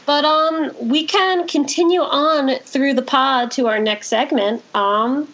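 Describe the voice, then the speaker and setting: A woman hosts a relaxed podcast, her voice sitting a touch high. She talks animatedly, tossing in quick asides. The recording sounds dull and lo-fi. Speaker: podcast host. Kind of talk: casual podcast chat.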